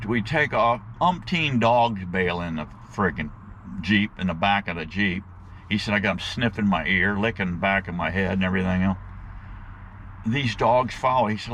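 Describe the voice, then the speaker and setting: A man telling a rambling, folksy story to his viewers in a casual, animated way, with plenty of slang, and he calls them guys. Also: low-pitched, a little hiss or hum. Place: outdoors.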